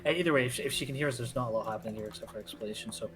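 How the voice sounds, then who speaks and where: A man running a tabletop horror game as game master, describing each scene with frequent pauses and fillers over a voice call. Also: mid-range voice, over music. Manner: hesitant, filler-heavy scene narration.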